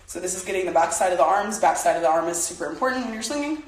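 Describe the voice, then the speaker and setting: A woman's voice: on the low side, expressive, racing. A young woman leading a casual home workout, chatty and out of breath as she exercises while talking. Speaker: workout instructor. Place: home room. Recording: very echoey room, from a distance.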